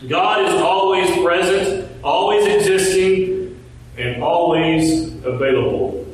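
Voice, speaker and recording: A man preaching a sermon. He asks the congregation rhetorical questions and slows down when he quotes scripture. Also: sits high. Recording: very echoey room, voice from a distance.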